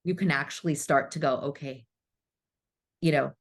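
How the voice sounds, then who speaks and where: A deep, steady voice at a moderate pace belongs to a woman in her thirties, a spiritual coach appearing on a podcast. She relates her story in an emotional interview, speaking frankly, cursing freely, and playing the part of her younger self.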